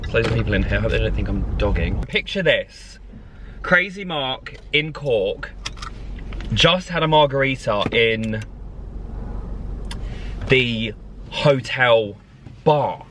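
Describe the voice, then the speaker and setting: A man rambles and laughs through a casual vlog update, mid-pitched and lively. He's sitting in a parked car, and the street outside comes through clearly on the recording. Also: takes it slowly, long pauses, slight background noise. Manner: animated, rambling, laughs often. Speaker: vlogger.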